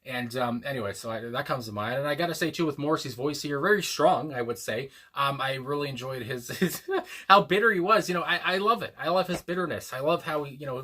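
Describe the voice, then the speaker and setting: A man's voice: mid-range voice, a bit bright. A man hosting a music reaction video, talking casually and rambling as he searches for words and restarts his sentences. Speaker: music reaction channel host.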